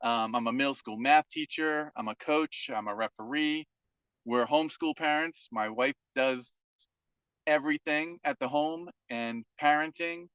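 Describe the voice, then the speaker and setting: A man's voice: fairly high pitch, a little slow, a bit bright, clear, resonant tone, no echo. Earnest man on a muffled call. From New Hampshire, USA. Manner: earnest, builds lists of repeated phrases. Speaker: team member and guest speaker, teacher and father. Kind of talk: personal testimony on a call.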